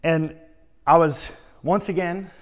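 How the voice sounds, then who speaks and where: A man, a sales trainer, giving an energetic motivational conference talk, telling stories and calling the audience guys. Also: fairly high pitch, slow pace, big-room sound. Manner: energetic storytelling, keeps addressing the audience as guys.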